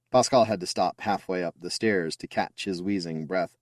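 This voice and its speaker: A man's voice: deep voice, normal speed, dry recording, clean studio sound. A man reading a science fiction story aloud as an audiobook narrator, telling it expressively. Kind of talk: scripted narration.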